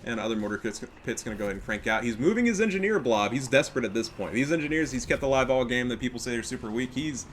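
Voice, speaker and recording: A man casting a game replay, excitable and profane, full of trash talk. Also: mid-range voice, fast, few pauses, slight background noise. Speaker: gaming commentator. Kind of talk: casual replay commentary.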